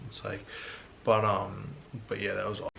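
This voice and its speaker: A young man at home casually telling his side of a birth story, animated and acting out what others said. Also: on the low side, moderate pace, creaky, a little hiss or hum. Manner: animated, acts out quotes, says like a lot. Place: home at night.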